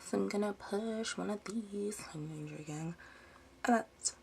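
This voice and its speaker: A young American DIY vlogger with a Baltimore accent and a Southern drawl chats through a craft tutorial at home, easily sidetracked and saying "y'all." Her medium-pitched voice is flat, a little slow, with vocal fry, over slight background noise.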